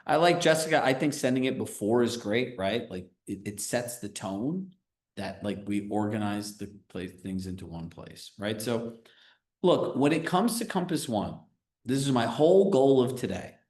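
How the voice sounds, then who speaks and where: A man coaching a group live on a video call, talking in a casual, energetic way and often checking in with "right?". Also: mid-range voice, moderate pace, reverberant. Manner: energetic, conversational, filler-heavy with frequent "right?". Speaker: real estate business coach.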